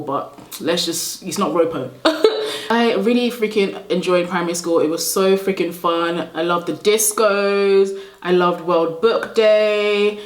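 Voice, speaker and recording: A woman's voice: medium pitch, roomy sound. A young woman born in Nigeria, telling rambling stories while she does her makeup, with lots of "like" fillers and laughing asides. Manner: chatty, rambling, laughs often, many "like" fillers. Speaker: beauty vlogger. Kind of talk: casual storytelling while doing makeup.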